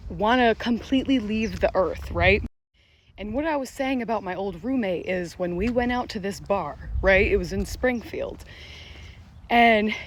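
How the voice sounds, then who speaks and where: A woman TikTok creator in a casual vlog monologue, talking fast and emphatically, swearing often and leaning on "literally" and "like.". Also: a little high, slight background noise. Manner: fast, profane, emphatic, heavy use of "literally" and "like".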